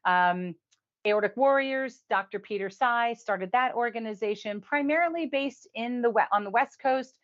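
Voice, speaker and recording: A woman hosting a casual weekly review show. She talks in a chatty way, laughs often and drops in quick asides. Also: fairly high pitch, muffled recording. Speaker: host.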